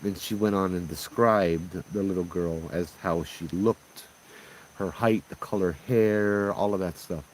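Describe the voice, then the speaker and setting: Low-voiced man telling a ghost story. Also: measured pace, slight background noise, poor audio. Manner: relaxed, conversational, often asks "right?" and "you know?". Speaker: ghost tour guide and storyteller. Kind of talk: casual spoken ghost story.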